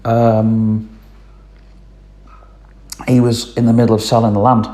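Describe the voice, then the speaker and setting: A man's voice: lowish voice, level tone, slow, mellow, echoey room. A man telling a long casual story, rambling with lots of ums and "I says". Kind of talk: casual spoken anecdote.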